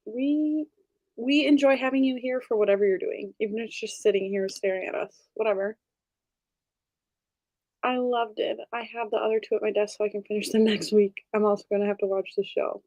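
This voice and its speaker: A woman's voice: medium pitch, fairly even intonation, brisk, a little mellow, no echo. A woman hosting an online group reading session, chatting casually and bubbly, laughing often. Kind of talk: casual chat.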